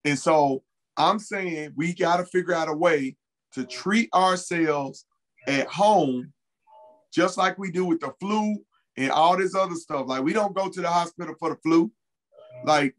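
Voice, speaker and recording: A man's voice: a little high, measured pace, low-quality recording. A man as an interview guest, telling a personal story in a casual, earnest way and repeating key phrases for emphasis.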